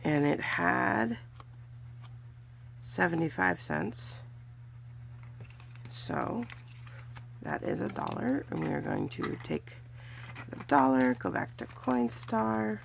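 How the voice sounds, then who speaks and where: A woman's voice: sits low, big pitch swings, slow, creaky, long pauses, a little hiss or hum. A woman from California narrating her budgeting video casually, chatty and counting money aloud with small cheers. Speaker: budgeting vlogger. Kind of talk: casual narration while doing cash challenges.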